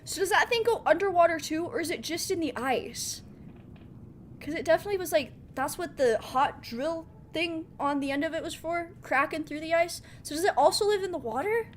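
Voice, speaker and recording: A young woman streaming a game live, excitable and chatty, often laughing and reacting to viewers. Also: extremely high pitch, fairly quick, slight background noise. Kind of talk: live gameplay commentary.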